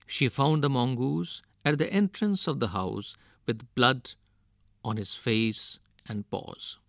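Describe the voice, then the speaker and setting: Slow, expressive male storyteller. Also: mid-range voice, no room sound, clean studio sound. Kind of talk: reading a picture book aloud.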